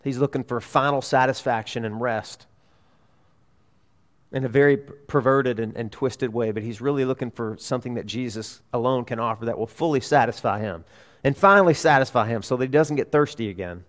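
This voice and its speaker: Delivering his sermon at a fairly quick pace, the pastor speaks in a medium-pitched, emphatic and sincere manner. Key appeals rise in volume while side remarks fall nearly silent, and a church's lingering echo fills the sound.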